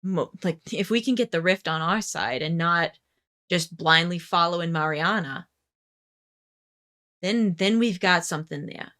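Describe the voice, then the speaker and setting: A woman's voice: fairly low pitch, a little slow, a bit bright. A woman voicing Stanley, a laid-back, offhand male character in a tabletop game, speaking in a musing, casual way. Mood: earnest.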